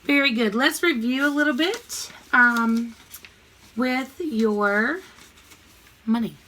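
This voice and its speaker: A woman teaches a math lesson to young children over a computer mic. Her voice is bright and a little high. She speaks in a cheerful sing-song and breaks into short rhymes for the class. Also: takes it slowly, a little hiss or hum.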